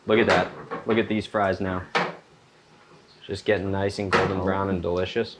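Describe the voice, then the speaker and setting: Brief: chatty chef, very low voice, loud frying sizzle under every line. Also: male voice, moderate pace, heavy background noise. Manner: chatty, jokey, excitable. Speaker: chef host. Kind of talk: casual cooking demonstration. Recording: loud sizzling pan behind voice.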